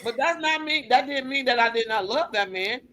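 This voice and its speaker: Blunt, bright-voiced woman storyteller. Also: fairly high pitch, fairly quick. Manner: blunt and profane, lively retelling with quoted voices. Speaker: co-host. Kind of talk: casual chat, personal storytelling.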